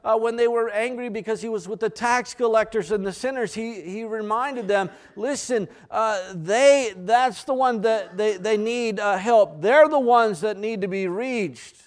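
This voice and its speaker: Slow-speaking high-voiced male preacher. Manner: slow, earnest, reads scripture aloud with asides. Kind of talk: sermon.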